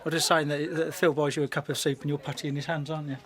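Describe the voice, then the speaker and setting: A middle-aged man with a slightly high voice talks bluntly, acting out other people's lines as he tells a story. He is recorded in an echoey room with a faint hiss behind him. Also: rapid-fire. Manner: blunt, animated retelling with acted-out quotes. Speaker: shop manager. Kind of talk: casual chat.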